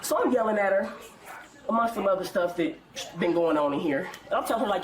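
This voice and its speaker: A woman's voice: mid-range voice, fairly quick. A middle-aged grandmother complaining to a police officer in an indignant, emphatic way. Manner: indignant, emphatic, quotes herself. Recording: echoey room, far from mic, crowd noise.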